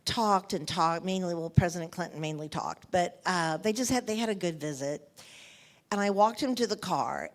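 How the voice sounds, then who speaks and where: A woman's voice: lowish voice, lively intonation, moderate pace. An older woman in an onstage interview, telling anecdotes in an emotional way and often repeating her phrases. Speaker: interviewed author.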